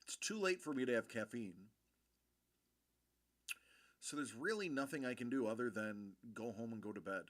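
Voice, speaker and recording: A man's voice: mid-range voice, lively intonation, moderate pace, pauses often, fairly bright tone. A young man streaming late at night, sleepy and rambling in casual chat. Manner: drowsy, rambling.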